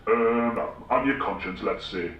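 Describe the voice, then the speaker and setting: A man voicing a comedian's sardonic conscience in a dry, deadpan manner, played back through a dull, distant, echoey recording. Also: mid-range voice, a little slow, soft background music, natural voice. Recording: dull prerecorded playback, echoey room, far off.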